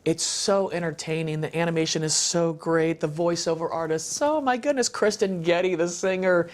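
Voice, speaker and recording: A man's voice: a little high, moderate pace. Man, heartfelt faith testimony, emphatic, conversational, repeats phrases. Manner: conversational, with fillers and restarts. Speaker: guest speaker on a parenting show.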